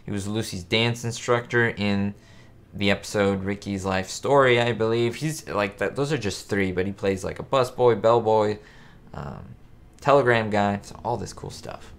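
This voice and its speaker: A man's voice: lowish voice, normal speed. Chatty, rambling man hosting a live stream. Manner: rambling and chatty, many fillers and restarts. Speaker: host of a live chat stream about a classic sitcom. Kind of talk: casual live-stream chat, answering viewer comments. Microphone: facecam.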